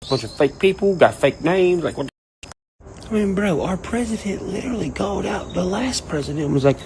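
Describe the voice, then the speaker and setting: A man ranting casually and profanely, rambling and animated. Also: high-pitched, a little fast, a little hiss or hum, rough recording. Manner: profane, rambling, animated, quotes people in mock voices. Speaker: online commentator. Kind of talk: casual rant to camera.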